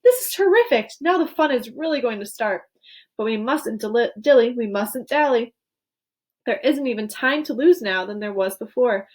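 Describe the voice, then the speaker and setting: A woman reading aloud puts on a giddy, eccentric candy maker who gushes with delight. The voice jumps high and loud with excitement. It is a storybook figure full of energy. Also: moderate pace. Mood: gushing excited. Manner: exuberant, gushing, high-spirited.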